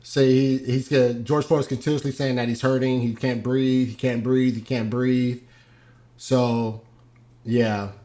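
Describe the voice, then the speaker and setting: A young man talking through a video clip in an unscripted, casual way. He hesitates often, fills pauses with "um" and restarts his sentences as he goes. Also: mid-range voice, little pitch movement, dark tone. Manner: hesitant, many ums and restarts. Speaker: host.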